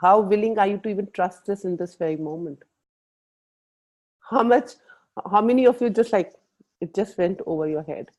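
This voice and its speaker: A woman's voice: mid-range voice, normal speed, long pauses, rough recording. A woman leading a coaching workshop, asking the group questions and mixing in Hindi phrases. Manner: lively, playful, asks the group questions, mixes in Hindi phrases. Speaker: workshop facilitator. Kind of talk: live coaching talk on a video call.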